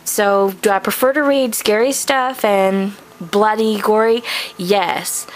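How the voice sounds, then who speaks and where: A woman's voice: medium pitch, unhurried, creaky. A young adult woman giving a casual, rambling bookshelf tour in her home studio, full of ums and likes, recorded on a camcorder. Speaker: vlogger. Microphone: camcorder mic.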